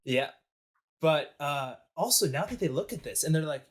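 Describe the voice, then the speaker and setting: A man's voice: on the high side, expressive, normal speed. Joking young man on a history podcast. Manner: joking, rambling, lots of fillers. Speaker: podcast co-host. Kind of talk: casual history podcast storytelling.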